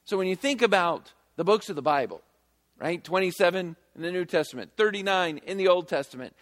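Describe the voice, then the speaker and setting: A man delivers a sermon in a voice pitched a little high, pressing his points with emphatic energy and quick conversational asides. His words carry a long reverb, as if spoken in a large hall. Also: animated, fairly bright tone. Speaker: pastor.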